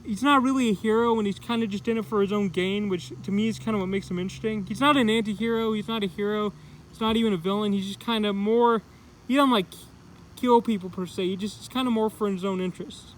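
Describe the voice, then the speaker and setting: A man's voice: high-pitched, steady tone, quick pace, a little hiss or hum, rough recording. A man giving a casual, rambling comic book review, full of "like" and "kinda". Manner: rambling, heavy use of "like" and "kinda".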